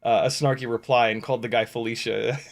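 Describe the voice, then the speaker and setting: A man hosting a casual livestream, ranting sarcastically and profanely with frequent laughs and big swings in loudness. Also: medium pitch, steady tone, fairly quick, gravelly. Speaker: YouTube host.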